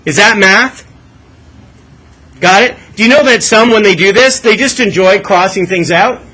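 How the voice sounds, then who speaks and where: A male math teacher talks a classroom through a lesson, prodding students with questions and asking them to think out loud. His voice sits high for a man and sounds bright. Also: moderate pace, rough recording.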